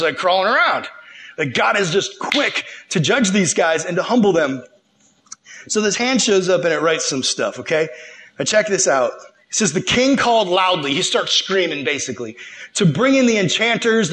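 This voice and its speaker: A young man giving a casual, slangy sermon, retelling a scripture story and acting out the characters' lines. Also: fairly high pitch. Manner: animated, slangy, acts out the characters. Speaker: preacher.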